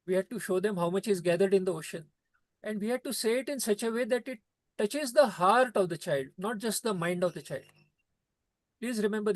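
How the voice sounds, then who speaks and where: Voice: mid-range voice, no echo. A trainer gives an earnest, repetitive talk to teachers over a video call. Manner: repetitive, emphatic, preachy phrasing.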